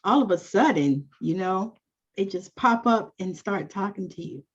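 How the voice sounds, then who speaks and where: A woman's voice: mid-range voice, lively intonation, a little slow, breathy edge. A woman hosting an interview, reacting with exclamations and asking follow-up questions. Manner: warmly reactive, exclaims and asks follow-ups. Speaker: host. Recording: dull lo-fi audio.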